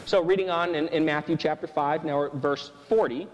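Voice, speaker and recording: Male preacher, fairly high voice, earnest and teaching, reverb trailing behind. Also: steady tone, brisk. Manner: earnest, repeats "right?" often. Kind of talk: sermon.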